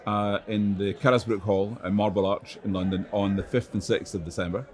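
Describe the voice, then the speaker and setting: A middle-aged man with a Scottish accent being interviewed at a busy conference, halting and repeating words, with a dry wit. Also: on the low side, steady tone, a little mellow. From Scotland. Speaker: interview guest, chief growth officer. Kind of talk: casual convention interview.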